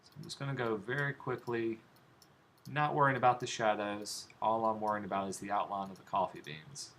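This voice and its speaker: A man's voice: lowish voice, fairly quick. A man teaching a design class, demonstrating steps on a computer as he goes and asking his students questions. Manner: relaxed, talks while clicking through steps, asks students questions. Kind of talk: live classroom software demonstration. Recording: faint background noise.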